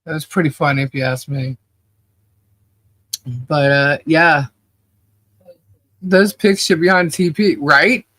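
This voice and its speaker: A woman's voice: sits low, takes it slowly, pauses often, a bit bright. A woman co-hosting a casual live-stream chat, exasperated and sarcastic, laughing often as she rants. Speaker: podcast co-host.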